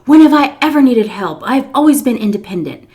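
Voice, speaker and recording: A woman's voice: on the high side, very animated, fairly quick, warm tone, pitched above the performer's own voice. A woman putting on a furious stubborn old lady. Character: angry stubborn elderly woman, defiant.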